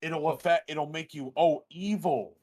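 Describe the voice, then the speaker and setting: Excitable profane man, slightly high voice. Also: unhurried, husky. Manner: excitable, profane, reads news aloud. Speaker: gaming channel host. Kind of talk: casual live reaction chat.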